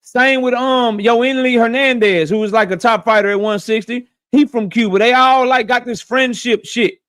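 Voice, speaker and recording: A man's voice: extremely high pitch, moderate pace, a bit bright. A young man hosting a boxing talk show, blunt and profane, repeating lines for emphasis. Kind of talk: casual opinionated commentary.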